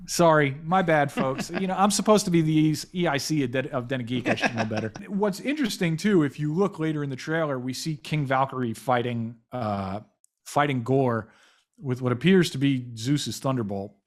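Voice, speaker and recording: A man's voice: mid-range voice, normal speed. A man hosting a casual pop-culture podcast, talking enthusiastically with lots of restarts and self-corrections. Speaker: podcast host, editor-in-chief.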